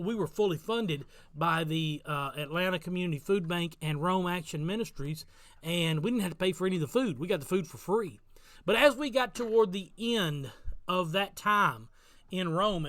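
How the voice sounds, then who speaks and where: A man's voice: high-pitched, no echo, studio quality. A middle-aged man, a pastor, preaching a daily devotional sermon outdoors on his front porch, telling stories earnestly and repeating key phrases for emphasis.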